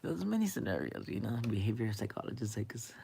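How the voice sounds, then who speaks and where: A young man rambling in a late-night monologue, hesitant and halting, with many fillers, often dropping into a whisper. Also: lowish voice, big pitch swings, creaky, warm tone, slight background noise. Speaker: vlogger.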